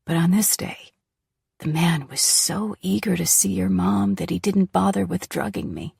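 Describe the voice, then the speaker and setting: A woman reading the part of a frail, sick middle-aged woman who tells her story in a weak, halting, tearful way. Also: lowish voice, lively intonation, gravelly, a little mellow, slightly rough, no room sound, clean studio sound, full character voice. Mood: confessing. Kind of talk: audiobook character voice.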